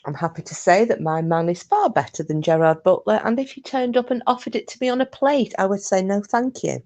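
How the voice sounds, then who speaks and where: A woman's voice: mid-range voice, quick pace, darkish tone. Woman, stream host, chatty, swears, laughs at herself. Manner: chatty, swears freely, self-mocking. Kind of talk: casual chat and storytelling with viewers.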